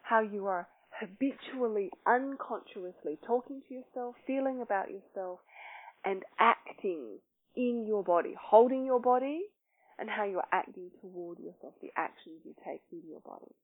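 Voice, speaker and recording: Woman coaching self-love, lots of questions, slow soft meditation voice, tinny phone-like audio. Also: mid-range voice, expressive. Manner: probing, asks many questions. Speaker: self-love workshop leader. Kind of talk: teaching talk and guided meditation.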